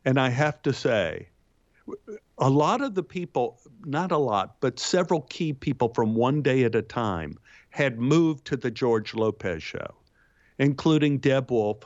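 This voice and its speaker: A man's voice: dry recording, muffled recording. A man, an actor, telling anecdotes as a guest and lifting his voice for punchlines. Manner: lively raconteur, jumps pitch for punchlines and quotes. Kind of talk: anecdotal storytelling.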